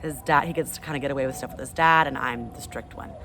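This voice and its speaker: A woman's voice: a bass voice, quick pace, slight background noise. A woman in her thirties, a teacher, reading a children's book aloud expressively to her class. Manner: expressive, animated. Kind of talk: storybook read-aloud.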